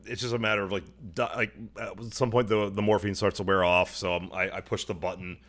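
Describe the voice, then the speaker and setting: A young man on a podcast, telling a long story casually, swearing often and putting on quick voices for the people in it. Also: fairly low pitch, flat delivery, a bit bright. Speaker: podcast co-host. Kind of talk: casual chat.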